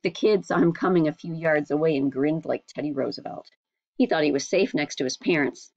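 A woman narrating an audiobook in a measured storytelling manner. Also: deep voice, a little mellow, dry recording, muffled recording.

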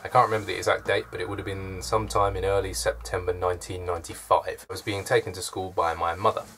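A man's voice: sits low, level tone, fast talker, fairly bright tone, slight background noise. A man, chatting to camera from his room with dry, self-deprecating humour. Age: early 20s. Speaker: vlogger. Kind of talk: casual chat to camera.

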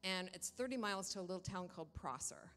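A woman telling a congregation a personal story in a lively way, acting out the dialogue as she goes. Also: lowish voice, fast talker, long reverb tail. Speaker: church member giving a testimony. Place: church sanctuary.

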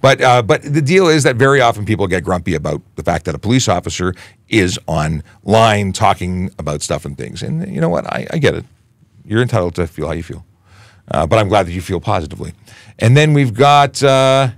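Chatty police officer hosting a livestream. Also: male voice, fairly low pitch, brisk, no echo. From Canada. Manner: conversational, animated, many restarts and asides. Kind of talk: casual livestream Q&A.

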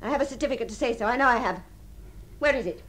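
An actress in a radio drama playing a refined, lonely woman who imagines she is about to marry, her voice moving between breathy tenderness and giddy excitement. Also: on the high side, very fast. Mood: confused, insistent. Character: deluded lonely upper-class spinster dreaming of marriage. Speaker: the Princess.

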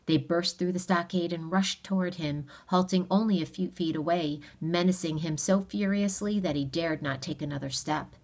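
A woman reading a novel aloud in a steady, measured storytelling manner. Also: on the low side, gravelly. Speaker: audiobook reader. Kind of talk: read-aloud narration of a novel.

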